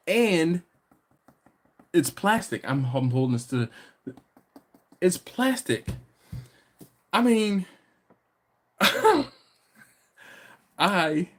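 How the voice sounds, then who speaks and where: Animated, laughing man hosting a live stream. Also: high voice, takes it slowly, long pauses. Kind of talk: casual live-stream chat. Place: home living room.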